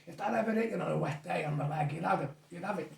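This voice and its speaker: A man's voice: on the high side, racing, vocal fry, recorded from a distance. A man, a guest reminiscing in rambling, chuckling stories. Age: 60s. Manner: rambling storyteller, chuckles often. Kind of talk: casual reminiscing chat. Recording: echoey room, off mic.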